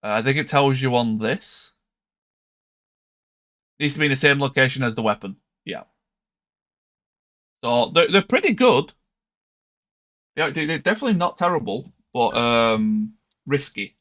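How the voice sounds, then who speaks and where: A man's voice: mid-range voice, lively intonation, unhurried, long pauses, fairly bright tone. A tired man streaming a strategy game, thinking aloud with hesitant, trailing casual commentary. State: tired, yawning.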